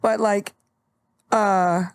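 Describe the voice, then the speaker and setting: Candid, animated woman podcast host. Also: mid-range voice, very slow, clean tone, dry recording, clean studio sound. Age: young adult. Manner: animated, candid, swears casually. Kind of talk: casual conversational chat.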